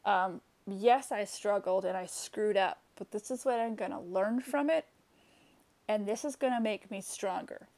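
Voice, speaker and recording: A woman's voice: mid-range voice, unhurried, a little mellow. A woman telling a personal story straight to camera, candid and reflective, with frequent fillers and restarts. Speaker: vlogger.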